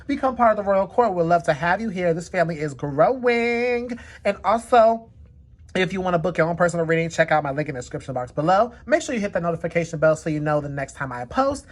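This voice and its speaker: A woman hosting a casual card reading, chatty and leaning on the word "definitely" again and again. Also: on the low side. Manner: chatty, repeats "definitely" often. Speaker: tarot card reader.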